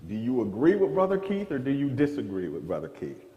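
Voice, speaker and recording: A man's voice: medium pitch, wildly swooping pitch, brisk, lo-fi sound. A man leading an interactive Bible class, asking the group questions and often restarting his phrases. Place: church classroom with long reverb. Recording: echoey church room.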